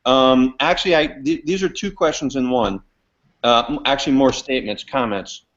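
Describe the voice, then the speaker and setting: A man co-hosting a casual chat, reading out viewer comments in a hesitant, halting way. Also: mid-range voice, a bit bright. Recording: dull lo-fi call audio.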